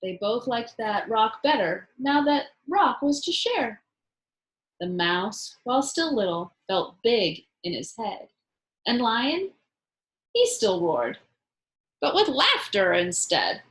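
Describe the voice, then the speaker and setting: A woman teacher reading a rhyming picture book aloud to children, expressive and asking them questions. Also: fairly high pitch, rough recording. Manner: slow, expressive, asks listeners questions. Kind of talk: children's storybook read-aloud.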